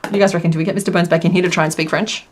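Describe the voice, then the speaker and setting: A woman's voice: on the low side, fairly even intonation, rapid-fire. A young woman chatting casually with her live-stream viewers while she crochets, laughing often and counting stitches under her breath. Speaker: crochet livestream host.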